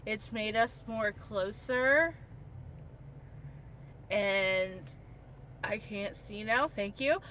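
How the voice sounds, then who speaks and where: A woman co-hosting a casual livestream, speaking in a calm, reflective way. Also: mid-range voice, very slow, pauses often, slight background noise. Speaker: vlog co-host.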